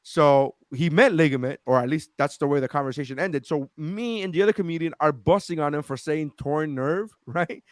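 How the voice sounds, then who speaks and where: A man's voice: a little high, a little fast, hardly any pauses, no echo, clean studio sound. A man co-hosting a podcast, telling a story in casual chat, acting out quotes and swearing freely. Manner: animated, swears a lot, acts out quotes. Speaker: podcast co-host.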